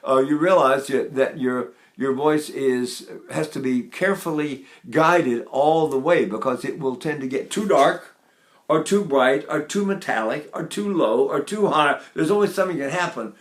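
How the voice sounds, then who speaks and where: A man's voice: fairly high pitch, moderate pace, echoey room. A man in his eighties giving an informal voice lesson, rambling a little and breaking into short sung demonstrations. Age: 80s. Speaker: voice teacher.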